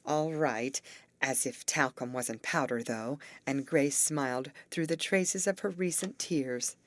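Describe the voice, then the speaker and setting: A woman narrating a graded English story for learners, reading slowly, clearly and evenly. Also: very deep voice, no echo.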